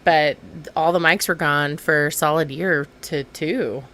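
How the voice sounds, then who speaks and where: A woman comedian being interviewed, answering in a relaxed, agreeable way. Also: sits low, measured pace. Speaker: comedian guest. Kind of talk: casual interview chat.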